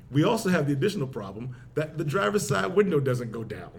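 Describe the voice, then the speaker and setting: A man hosting a podcast, telling profane, animated stories in casual chat, laughing often. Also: a little high, fast, gravelly, background noise. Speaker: podcast host.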